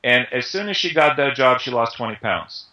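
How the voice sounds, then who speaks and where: Bright-voiced man explaining health tips. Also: medium pitch, expressive, normal speed, highs cut off. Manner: conversational, uses everyday analogies, many fillers. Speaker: Ayurveda instructor, interview guest. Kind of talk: explanatory interview talk.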